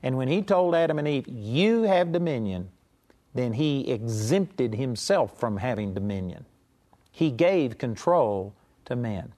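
A man preaching a sermon, slowing down to stress key words and reading scripture passages quickly in King James phrasing, with conversational asides. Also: medium pitch, animated, mellow. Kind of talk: sermon teaching.

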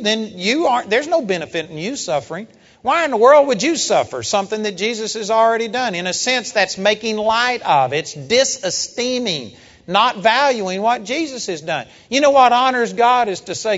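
Guy preaching, high voice, punchy and emphatic, dull lo-fi sound. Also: expressive, moderate pace. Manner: emphatic, rising to loud rhetorical questions. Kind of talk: sermon. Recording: dull lo-fi sound with long hall reverb.

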